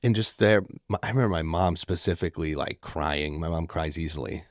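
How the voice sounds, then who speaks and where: Low-voiced animated man, dry close sound. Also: brisk, no room sound. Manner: animated storyteller, quotes others with feeling. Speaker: podcast co-host. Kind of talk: faith-based casual discussion.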